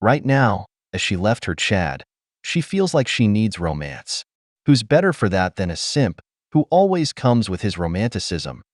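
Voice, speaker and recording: A man with a fairly low voice delivers blunt opinion commentary as a voice-over. His pitch rises and falls in a lively way as he lectures his viewers directly. The recording is close and dry. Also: unhurried, no echo. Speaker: commentary channel host.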